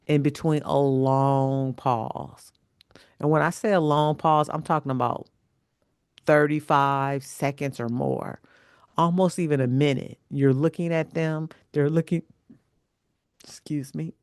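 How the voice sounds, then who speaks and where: A man, a holistic self-love coach, talking through a reflective vlog in a slow, measured, gentle way, repeating words for emphasis. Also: on the high side, vocal fry, clear, resonant tone, dry recording, clean studio sound.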